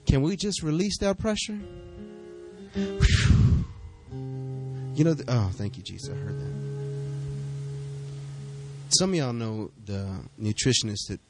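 A middle-aged man preaching a sermon, telling a story with lively back-and-forth dialogue. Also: medium pitch. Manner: storytelling, animated, acts out quoted exchanges. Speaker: pastor.

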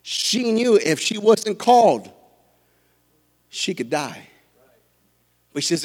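A male preacher giving a fervent sermon, swinging from quiet asides to shouted peaks. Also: high-pitched, big pitch swings, slow pace, long reverb tail.

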